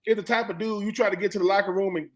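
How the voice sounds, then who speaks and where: A man in his forties, a former football player on a sports talk panel, telling stories in a lively way and acting out what others said. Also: sits high, very fast. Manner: animated storyteller who acts out quoted voices.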